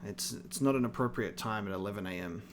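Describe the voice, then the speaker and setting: A man's voice: lowish voice, fast, very noisy. A man with an Australian accent chatting casually while streaming a co-op game, laid-back and rambling with fillers. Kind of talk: casual co-op gaming chat.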